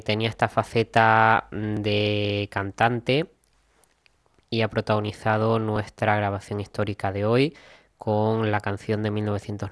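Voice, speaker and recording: A man with a low, smooth, resonant voice presents a music radio program in a calm, informative way. His delivery stays flat and even. The studio sound is dry and close. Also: no room sound.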